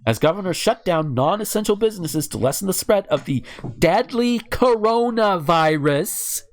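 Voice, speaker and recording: A man's voice: high voice, very animated, fairly quick, a little mellow. A man hosting a podcast, reading news stories aloud and breaking off into profane, sarcastic rants. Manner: ranting, profane, sarcastic asides. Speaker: podcast host.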